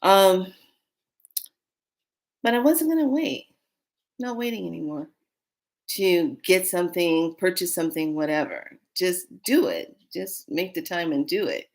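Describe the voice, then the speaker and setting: A woman who reads oracle cards, telling a rambling, excitable story in a casual vlog. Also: fairly low pitch, unhurried, vocal fry. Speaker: oracle card reader.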